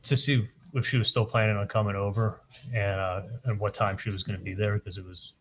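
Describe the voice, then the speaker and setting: A man testifying in court, telling events in a halting way, often repeating words and retelling what was said with "I'm like". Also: fairly low pitch, level tone. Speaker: trial witness testifying.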